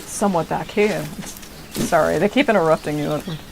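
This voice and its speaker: A woman's voice: deep voice, brisk, creaky, noisy background. A woman in her thirties streaming a game, muttering to herself and talking back at it. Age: 30s. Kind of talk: casual gameplay commentary.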